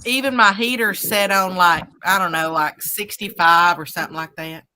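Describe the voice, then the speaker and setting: A woman's voice: lowish voice, moderate pace, pushed and bright, a little hiss or hum. A woman co-hosting a live stream, chatting casually and greeting viewers by name as she reads their comments. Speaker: live stream co-host reading chat. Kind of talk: casual chat.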